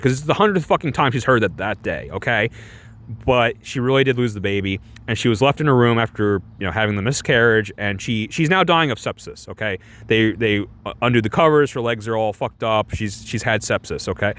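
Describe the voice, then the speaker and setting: Animated, sarcastic young man. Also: medium pitch, fairly quick. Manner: animated and sarcastic, with frequent restarts and rhetorical questions. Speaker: movie reviewer. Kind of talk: casual stream chat.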